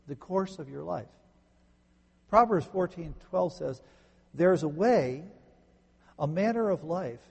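A man preaching a sermon as a pastor, swinging from emphatic peaks down to quiet low phrases. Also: creaky, slightly rough. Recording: long reverb in a large hall.

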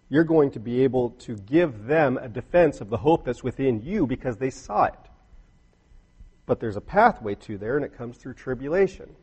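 Middle-aged male preacher, husky, earnest storyteller who builds to emphatic peaks. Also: mid-range voice, mellow. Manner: earnest, rising to emphatic bursts, storytelling asides. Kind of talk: sermon.

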